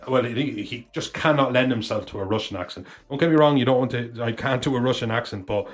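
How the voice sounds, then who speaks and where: A podcast co-host rambles through a casual chat, full of fillers and restarts. His mid-range voice moves fast. Soft music plays in the background.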